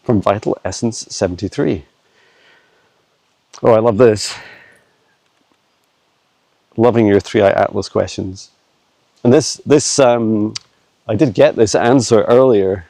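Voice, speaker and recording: A man, talking haltingly with many fillers as he channels answers while walking his dog in the woods, filmed on a handheld phone. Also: lowish voice, gravelly, warm tone, dry recording. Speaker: psychic channeler. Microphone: handheld phone camera.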